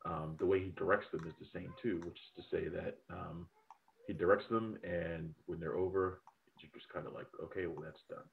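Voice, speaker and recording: A man's voice: low voice, steady tone, normal speed, creaky, a little hiss or hum. A man in casual review chat, rambling and profane as he gives strong opinions on films. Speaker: film critic podcast host. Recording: tinny phone-like line.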